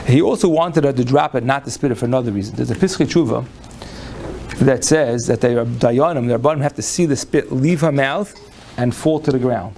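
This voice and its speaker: A man's voice: medium pitch, brisk, creaky, a little mellow, a little hiss or hum. A man lecturing on Jewish law to a live audience, folksy and conversational, often restarting his phrases. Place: lecture room before an audience.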